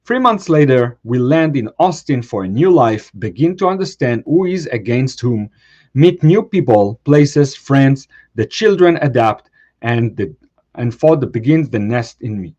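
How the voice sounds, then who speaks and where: A man's voice: mid-range voice, expressive, unhurried, darkish tone, highs cut off. A man hosting a show, reading a post aloud in short phrases and adding brief comments of his own. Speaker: host.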